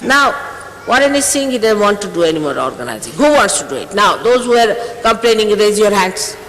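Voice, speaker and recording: A woman's voice: mid-range voice, very animated, fairly quick, a bit bright, a little hiss or hum. Stern woman in her sixties scolding. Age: 60s. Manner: stern, reproachful, emphatic rhetorical questions. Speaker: spiritual teacher. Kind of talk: scolding address to followers. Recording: echoey hall with long reverb, faint ambience, 1980s archive tape.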